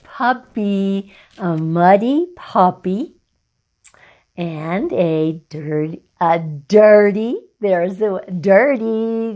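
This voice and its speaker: A middle-aged woman teaching a children's phonics lesson, talking slowly and clearly and praising the children often. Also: on the low side, darkish tone. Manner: encouraging, slow and clear, with drawn-out words for children.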